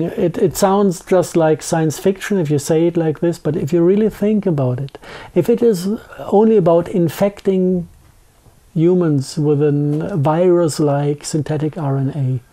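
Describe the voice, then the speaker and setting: A man's voice: a little high, mellow. Man with a thick German accent. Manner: halting, with many restarts and fillers. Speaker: guest. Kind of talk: conversational interview.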